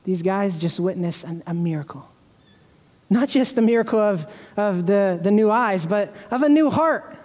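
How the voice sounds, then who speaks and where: High-voiced preaching man in a reverberant church. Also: lively intonation, normal speed, darkish tone. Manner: earnest, emotional preaching with repeated restarts. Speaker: pastor. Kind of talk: sermon. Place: church sanctuary.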